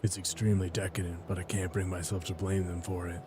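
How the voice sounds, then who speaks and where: A man's voice: little pitch movement, fast, a little hiss or hum, lightly acted. A man voicing a grim, weary adult warrior hero who speaks curtly and dryly. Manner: low, quiet, dry and curt.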